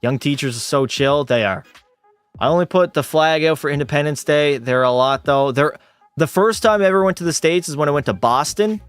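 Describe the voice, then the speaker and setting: A man's voice: a little fast, clear, resonant tone, no room sound, faint music behind. A Canadian man casually chatting on a game livestream, reading out and answering viewer messages in a bantering way. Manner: chatty, bantering with chat, animated jumps in pitch. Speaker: gaming streamer.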